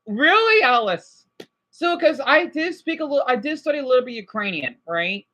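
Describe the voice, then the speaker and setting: A chatty woman plays teacher to a pretend class and walks through language comparisons. Her voice sits a little high, and she talks eagerly, restarting and hedging as she goes. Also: expressive, normal speed, a bit bright. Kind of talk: casual language lesson.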